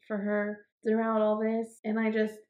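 A woman's voice: medium pitch, completely flat delivery, a little slow, phone-quality sound. A woman in a casual chat about a film, adding short comments and agreeing with her co-host. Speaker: movie podcast co-host.

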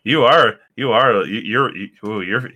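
A man's voice: mid-range voice, unhurried, bright, forceful tone, husky. A man voicing a small fluttering male creature who gushes and gets choked up easily. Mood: gushing.

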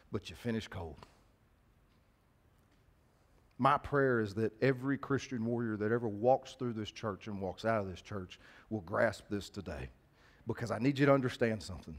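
A man pastor preaching a sermon in a church, conversational, calling out to the congregation. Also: mid-range voice.

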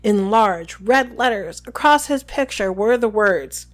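A woman co-hosting a casual podcast, chatting and reading book passages aloud with lively voices for the quotes. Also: mid-range voice, a little slow, few pauses. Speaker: podcast co-host.

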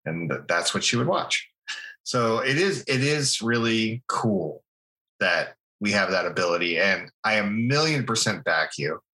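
A man co-hosting a podcast, telling stories about his young daughter in animated, casual chat. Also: fairly low pitch, unhurried, low-quality recording. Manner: storytelling, animated. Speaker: podcast co-host.

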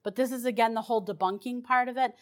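A woman's voice: fairly high pitch, steady tone, fast. A woman paranormal investigator telling her stories in a chatty, rambling way, with restarts and fillers. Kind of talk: casual storytelling.

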